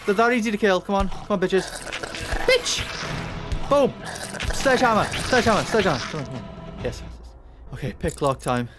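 A gamer commentating a horror game, shrieking and swearing in panic at the scares, then muttering quietly while working out puzzles. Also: medium pitch, expressive, fast talker, over loud music. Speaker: let's play gamer.

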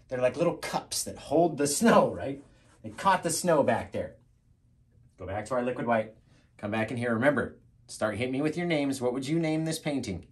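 Lively chatty man teaching painting. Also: mid-range voice. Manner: chatty, encouraging, repeats phrases; jumps into a loud, upbeat radio-style voice for his intro takes. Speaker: painting instructor. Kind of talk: live painting tutorial.

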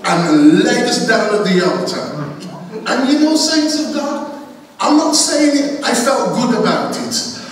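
A man's voice: very high voice, very animated, measured pace. A man giving a funeral tribute in church, telling a chatty personal story to the congregation. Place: large church hall. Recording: echoey church hall, far from the mic, faint hiss.

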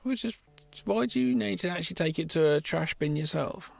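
A man's voice: high-pitched, expressive, fairly quick, creaky, no room sound. A man co-hosting a podcast, rambling and trailing off in crude casual banter. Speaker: podcast co-host. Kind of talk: casual chat.

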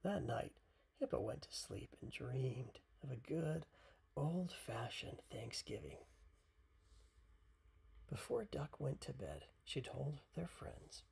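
A parent reading a picture book aloud at bedtime, softly and half-whispered. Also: medium pitch, very animated, gravelly, breathy edge. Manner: soft, half-whispered, unhurried.

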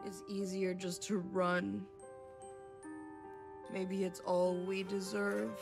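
An actress voicing a timid, hopeless young woman in a video game, speaking quietly and hesitantly. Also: medium pitch, flat delivery, slow pace, vocal fry. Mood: despondent. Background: game music.

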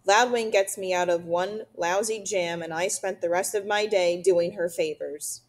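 A woman's voice: fairly low pitch, fairly even intonation, normal speed, lightly acted. A woman voicing a stubborn, grumpy male beaver father who talks stiffly and mutters in a storybook reading. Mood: grumbling.

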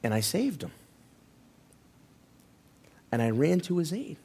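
Male pastor, fairly high voice, impassioned church sermon with a personal story, peppered with "right?". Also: very animated, takes it slowly, vocal fry, slightly rough. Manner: impassioned, swinging between loud and hushed.

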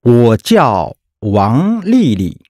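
A woman pronounces single words and short phrases very slowly, stretching each tone with wide swoops. Her voice is very low for a woman. The recording is dry and close. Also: big pitch swings, warm tone, dry recording. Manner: careful, drawn-out, exaggerated tones. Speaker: native-speaker model for pronunciation. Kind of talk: slow model pronunciation for repetition.

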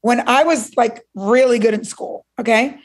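Animated Cuban-born woman telling her story. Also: fairly high pitch, moderate pace. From Cuba. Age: middle-aged. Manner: animated, acts out what others said. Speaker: interview guest. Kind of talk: personal storytelling in an interview.

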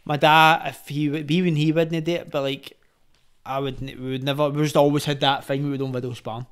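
Young Glaswegian man, smooth clear voice, casual podcast yarn with restarts. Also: on the high side, little pitch movement, brisk, a bit bright. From Scotland. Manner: storytelling, lots of fillers and restarts. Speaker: podcast guest, boxer. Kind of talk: casual chat.

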